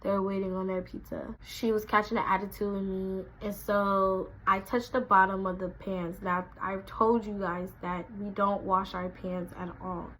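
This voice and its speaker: A young woman, telling a casual storytime, animated and acting out quotes in a raised voice. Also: medium pitch, moderate pace, few pauses, a little hiss or hum, rough recording. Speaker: vlogger.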